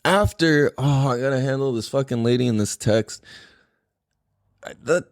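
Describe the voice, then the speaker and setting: A man's voice: mid-range voice, moderate pace, no room sound, clean studio sound. A young man hosting a podcast, chatting casually with lots of swearing and laughter. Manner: animated, swearing, laughs a lot. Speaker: podcast host. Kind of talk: casual chat.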